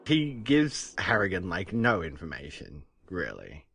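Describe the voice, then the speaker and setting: A man co-hosting a podcast, recapping film scenes in a relaxed, casual way. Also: low voice, a little slow, gravelly. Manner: relaxed recapping, light laughs. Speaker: podcast co-host.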